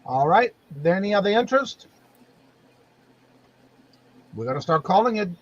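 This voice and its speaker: A high-voiced man hosts an online auction, calling bids and counting down the close. His voice is husky, and the stream audio is dull and lo-fi. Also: very animated, moderate pace. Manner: calls bids and counts down steadily. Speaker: live auction host.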